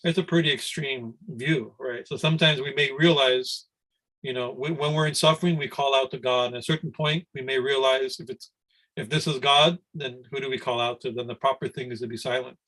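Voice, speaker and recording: Middle-aged man teaching a scripture class on a video call, rambling and conversational, mid-pitched. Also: steady tone, a little fast, fairly bright tone, low-quality recording. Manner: rambling, conversational, frequent "right?" and restarts. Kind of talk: spiritual discourse.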